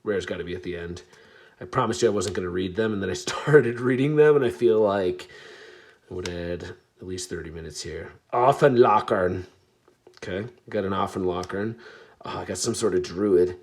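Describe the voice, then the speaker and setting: A man casually chatting to his viewers while opening trading card packs, chatty and self-deprecating, with bursts of excitement. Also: low voice, brisk. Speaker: card pack opening vlogger. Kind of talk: casual pack-opening commentary.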